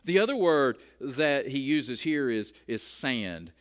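A man's voice: mid-range voice, sing-song, takes it slowly. A middle-aged man preaching a sermon in a conversational way, often repeating words as he starts a phrase. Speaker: pastor.

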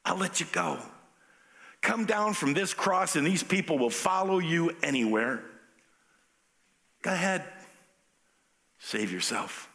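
A man's voice: fairly high pitch, animated, slow, creaky, pauses often, sharp tone, exaggerated voice. A man putting on a coaxing, wheedling devil. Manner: wheedling, persuasive. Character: coaxing male devil tempting Jesus.

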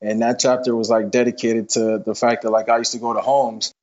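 A man's voice: mid-range voice, flat delivery, darkish tone. A young man telling stories as an interview guest in a loose, casual way, full of fillers. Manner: fast, loose, many fillers like "you know what I'm saying". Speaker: football player guest. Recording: dull lo-fi podcast audio.

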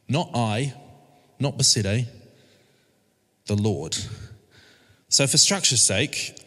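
This man's fairly low voice has lively intonation and a sharp tone, moving slowly with long pauses. He's on a church team, delivering a casual, hesitant sermon packed with fillers and restarts in a church service room, where the hall's long reverb lingers.

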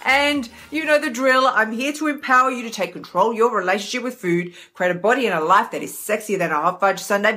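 Bright, chatty Australian woman. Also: on the high side, brisk, few pauses. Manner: energetic, chatty, animated. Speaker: emotional eating coach. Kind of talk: live-streamed casual talk.

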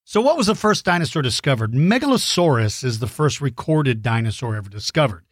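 A man's voice: mid-range voice, sing-song, fairly quick, no room sound, clean studio sound. A man hosting a podcast, answering children's questions in a friendly, enthusiastic way with plenty of ums and restarts. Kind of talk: casual chat to young listeners.

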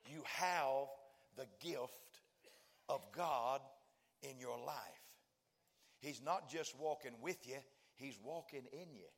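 A man's voice: medium pitch, takes it slowly, long pauses. A male preacher delivering a sermon, mixing folksy joking asides to the congregation with rising, fervent declarations. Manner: builds to fervent shouting, acts out dialogue.

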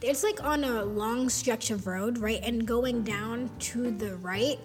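A teenage girl co-hosting a student podcast, chatting casually and reacting with amused disbelief. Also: a little high. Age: teens. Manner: chatty, incredulous, quick to react. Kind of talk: casual chat. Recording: music playing under the talk.

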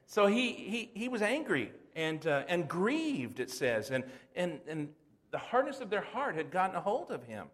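Man preaching, pastor, middle-aged, folksy conversational sermon, higher-pitched voice. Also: very animated, normal speed, a bit bright. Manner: folksy, conversational preaching with asides and rhetorical questions.

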